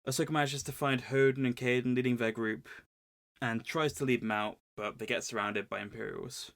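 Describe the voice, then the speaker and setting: A man co-hosting a podcast, recapping a book in a wry, deadpan way. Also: mid-range voice, brisk, gravelly. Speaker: podcast co-host.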